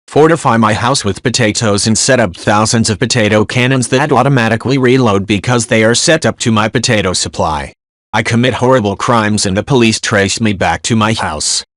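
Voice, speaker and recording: A man narrating online forum posts in a brisk, matter-of-fact reading style. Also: fairly low pitch, fairly bright tone, dry recording, studio quality.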